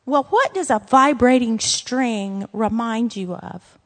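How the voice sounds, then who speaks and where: Earnest, high-voiced Louisiana woman teaching a Bible lesson; emphatic, with asides; long hall reverb. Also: slow.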